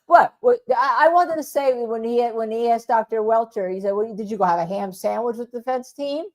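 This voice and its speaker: A woman's voice: a little high, brisk. A woman lawyer and host in a casual chat, joking and firing off rhetorical questions. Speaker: former prosecutor, now defense attorney.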